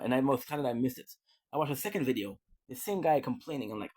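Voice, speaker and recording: A man's voice: medium pitch, animated, fast talker, darkish tone. A man vlogging in a casual, rambling way, often restarting and repeating words. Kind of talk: casual rambling livestream talk.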